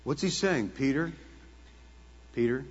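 Man preaching, slow deliberate delivery, husky bright tone, dramatic swings from hush to loud, long church reverb, muffled lo-fi sound. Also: mid-range voice, lively intonation. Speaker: pastor. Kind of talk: sermon.

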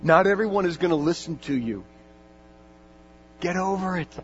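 A pastor with a high-pitched voice preaches earnestly, his delivery swelling into fervent appeals. The sound is dull and lo-fi. A faint mains hum runs underneath. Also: expressive, normal speed. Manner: earnest, building to fervent exhortation. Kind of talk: sermon.

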